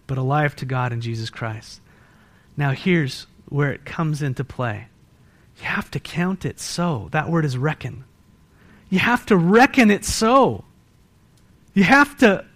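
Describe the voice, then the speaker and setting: A male pastor preaching a morning sermon to his church, swinging between loud bursts and hushed emphasis and pressing the congregation with rhetorical questions. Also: sits high. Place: church service.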